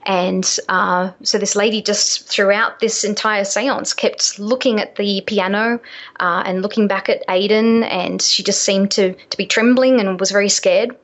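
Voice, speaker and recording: A woman's voice: mid-range voice, fairly even intonation, measured pace. A woman, an author guest on a radio show, telling stories in a hesitant way with many fillers. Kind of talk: interview storytelling.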